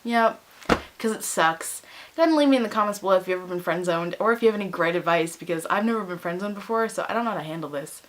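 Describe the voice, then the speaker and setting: A woman's voice: on the low side, quick pace, a little hiss or hum. A young woman vlogging casually, telling a story animatedly and acting out what people said. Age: young adult. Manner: animated storytelling with quoted voices. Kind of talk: casual vlog rant.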